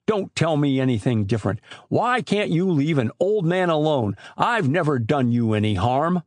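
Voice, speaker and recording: A man voicing a raging, suspicious old sea captain who bellows and shouts accusations, in an audiobook. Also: fairly high pitch, very animated, normal speed, no room sound. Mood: angry, accusing.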